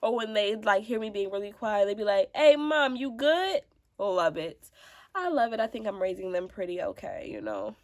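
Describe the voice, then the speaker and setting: A woman's voice: mid-range voice, fairly even intonation, brisk, darkish tone. A woman in her twenties with a congested voice, giving frank, sassy advice in a casual sit-down vlog. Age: 20s. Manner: frank, sassy, talks straight to viewers. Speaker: mom vlogger.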